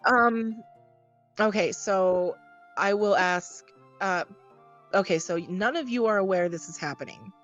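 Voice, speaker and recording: A woman narrating as game master of a tabletop game, explaining calmly with frequent pauses and ums. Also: mid-range voice, highs cut off, faint music behind.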